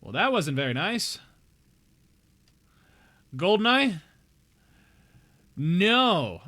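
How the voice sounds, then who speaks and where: A young man streams a game and talks straight to his chat, joking and slipping into mock outrage. His voice is bright and forceful, sitting a touch high for a man. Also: big pitch swings, measured pace, pauses often. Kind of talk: casual live-stream chat while gaming.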